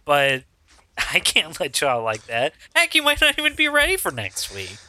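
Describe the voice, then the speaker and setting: A man's voice: on the high side, wildly swooping pitch, moderate pace, bright, forceful tone, no echo, exaggerated voice. A man playing a pushy, evasive male wrestling promoter in a tabletop role-play, talking bluntly with stammered restarts. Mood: insistent.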